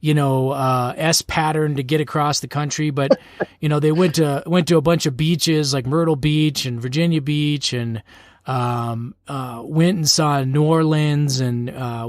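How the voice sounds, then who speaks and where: A middle-aged man co-hosting a parenting podcast, telling a story in a relaxed, chatty way with fillers. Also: medium pitch, no room sound, clean studio sound. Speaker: podcast co-host. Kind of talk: casual chat.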